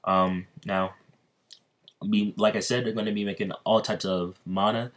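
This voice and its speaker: A man casually narrating a fan-fiction story as a video creator, halting with fillers and restarts. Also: lowish voice, steady tone.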